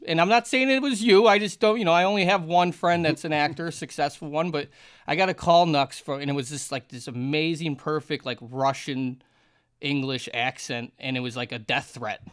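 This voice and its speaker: A man's voice: a little high, a little fast, a bit bright. A man hosting a podcast, chatting casually in a rambling, laid-back way. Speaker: podcast host. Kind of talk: casual chat.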